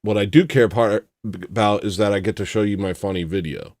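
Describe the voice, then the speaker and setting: Male streamer host, low voice, dry close mic, self-mocking rambling banter. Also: a little fast, darkish tone, no echo. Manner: rambling, self-mocking jokes, greets chatters by name. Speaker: livestream host. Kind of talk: casual livestream chat.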